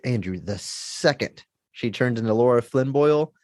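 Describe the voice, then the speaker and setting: An enthusiastic man co-hosts a podcast in casual chat, often laughing as he talks. His voice sits at an ordinary middle pitch. The recording is dry and close. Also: lively intonation, moderate pace, a little mellow, no room sound. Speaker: podcast co-host.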